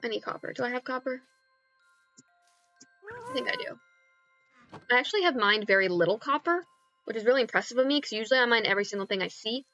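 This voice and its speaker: A young woman streaming a game, keeping up an excitable, self-mocking running commentary as she plays. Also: a little high, very fast, lo-fi sound, soft background music. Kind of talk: casual live-stream chatter while gaming.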